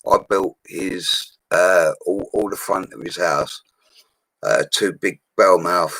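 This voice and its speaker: Speaking slowly in a low, sharp-toned voice, a Londoner in his forties shares bricklaying stories on a casual livestream. He's blunt and chatty, with slang and a bit of swearing; the recording is low quality with no room sound.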